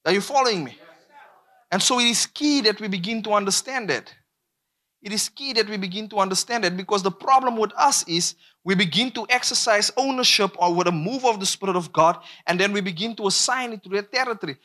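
A man's voice: high-pitched, brisk, pushed and bright. A man preaching a sermon, emphatic and repetitive, drawing call-and-response from the congregation.

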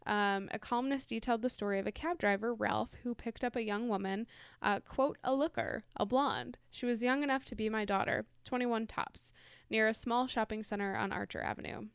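A woman's voice: a little high, fairly quick, gravelly, smooth, no room sound, studio quality. A woman co-hosting a casual podcast, reading ghost stories aloud in a chatty way, laughing easily and correcting herself. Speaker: podcast co-host.

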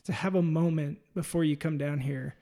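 A man hosting a faith-focused conversation, his voice a touch high and noticeably gravelly. He talks earnestly and from the heart, often stopping and restarting his sentences as he feels his way through a thought. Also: steady tone, normal speed, mellow. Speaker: podcast host. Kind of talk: faith-based interview conversation.

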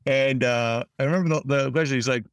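A man's voice: mid-range voice, fast talker, clean tone, dry recording. A man, an actor being interviewed, telling stories in a rambling, casual way, often restarting his sentences. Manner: rambling storyteller with frequent restarts; acts out quoted lines in lively voices. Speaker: actor guest.

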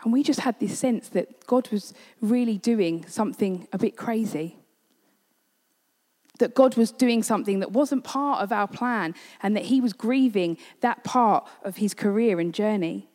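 A woman's voice: medium pitch, measured pace, darkish tone. A woman giving a sermon, telling a personal story in an earnest way. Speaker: preacher. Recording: long hall reverb.

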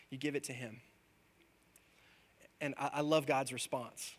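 A man preaching a sermon, dropping soft and low, then building to loud, rising peaks, and reading scripture slowly. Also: steady tone. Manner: reads scripture aloud slowly.

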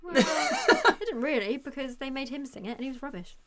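A woman's voice: high voice, wildly swooping pitch, a little fast, a bit bright. A woman co-hosting a podcast, chatting casually about films in a teasing, giggly way. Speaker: podcast co-host. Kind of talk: casual film chat.

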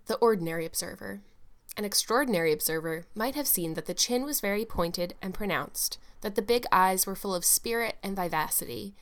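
A woman narrates a classic novel as an audiobook, at a middling pitch. Her reading is measured and expressive, with steady storytelling phrasing.

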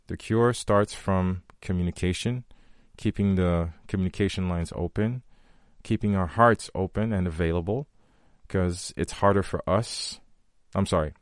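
A man in his thirties with a very low voice hosts a motivational podcast, talking earnestly to his listeners. He repeats key phrases for weight, and the recording is dry and close. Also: no echo. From from a country with long power outages. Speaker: podcast host.

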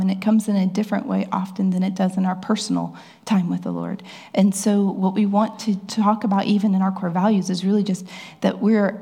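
A woman's voice: normal speed, mellow. A woman preacher telling a personal story to her church in a chatty way. She asks the crowd questions and acts out voices. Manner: acts out voices with rising pitch. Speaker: pastor. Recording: long hall reverb.

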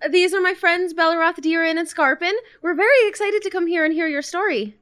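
A woman's voice: very high voice, steady tone, brisk, fairly bright tone. A woman voicing a friendly, eager young woman traveler who talks politely and a little hesitantly.

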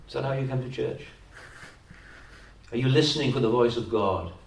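A man's voice: mid-range voice, moderate pace, gravelly. A man with a Welsh accent preaching a sermon as a pastor, pressing his points with repeated words and rhetorical tag questions. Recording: echoey hall, distant mic.

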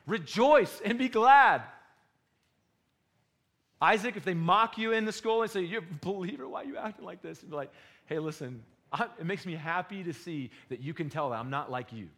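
A man's voice: fairly high pitch, fast. Impassioned preacher man. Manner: impassioned, swings between loud and hushed; rhetorical questions to the congregation. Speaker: pastor. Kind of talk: sermon.

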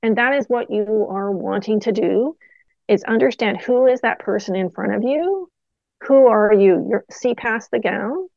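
A middle-aged woman physiotherapist, a guest telling animated stories from her clinical work in a casual interview. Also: on the high side, a little slow, vocal fry, no room sound, highs cut off. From Canada. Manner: animated anecdotes with quoted dialogue.

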